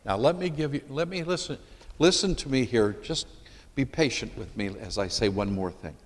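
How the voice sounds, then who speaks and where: A man's voice: mid-range voice, lively intonation, moderate pace. A man from Michigan, preaching a sermon and putting questions to his congregation. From Michigan, USA. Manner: emphatic, puts questions to the congregation. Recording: long hall reverb.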